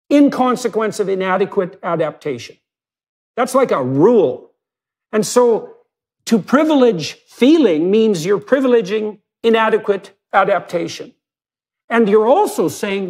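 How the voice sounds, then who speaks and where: A middle-aged man, a psychologist, discussing in an emphatic, lecture-like way, posing questions with sudden rises in pitch. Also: lively intonation, normal speed, creaky, darkish tone, slightly rough. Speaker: psychologist in conversation.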